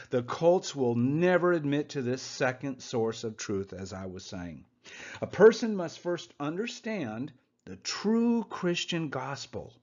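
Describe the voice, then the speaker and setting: A man's voice: on the high side, lo-fi sound. A man teaching the Bible informally over slides. He speaks in a sarcastic, hesitant way, with many "uh"s and mocking asides.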